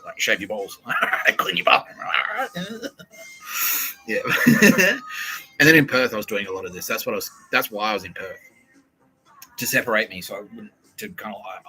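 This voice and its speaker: Profane, rambling man, bright-toned. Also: lowish voice, low-quality recording. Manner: profane, laughs often, rants. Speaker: podcast host. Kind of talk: rambling solo monologue.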